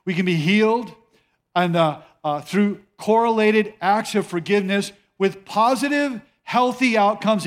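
A male pastor preaching a sermon in a conversational way, repeating phrases for emphasis. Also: sits high.

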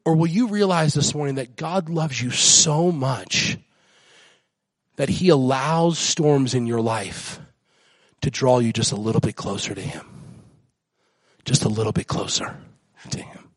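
A man preaching a sermon as guest pastor, climbing to excited high peaks and dropping to soft near-whispers. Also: a little slow, pauses often, dry recording.

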